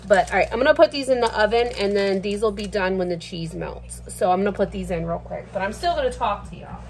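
For a vlog, a woman cooks in her home kitchen while ranting bluntly and swearing freely. Her pitch is medium and her pace quick, with a slight hiss or hum in the background.

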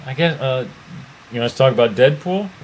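A man in an easygoing movie-review chat, his voice sitting at a middle pitch. He hedges and restarts a lot and keeps circling back to his point. A faint hiss sits under the recording. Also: expressive, fairly quick. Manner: hesitant, many restarts and "I don't know". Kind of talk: casual chat.

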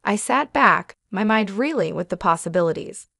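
A woman reading a scripted first-person drama as narrator, in a steady, even way. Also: medium pitch, normal speed, gravelly, no room sound, studio quality.

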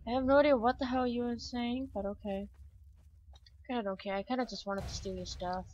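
A young woman commenting on her own gameplay, excitable and chatty, shrieking when startled. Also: on the high side, brisk, dull audio, a little hiss or hum. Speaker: gamer. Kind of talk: let's play commentary.

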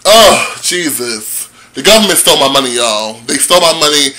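A man's voice: fairly high pitch, expressive, moderate pace, pushed and bright, a little hiss or hum, rough recording. A man ranting angrily to his viewers in a vlog, swearing heavily and talking straight to them. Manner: profane, heated ranting. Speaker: vlogger.

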